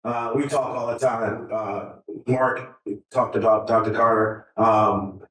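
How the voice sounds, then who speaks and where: A man's voice: lowish voice, fairly even intonation, slow, a bit bright. A middle-aged man giving an emotional, earnest talk to a conference audience, nervous and often restarting his sentences. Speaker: conference speaker. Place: large conference hall. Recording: echoey hall from far off.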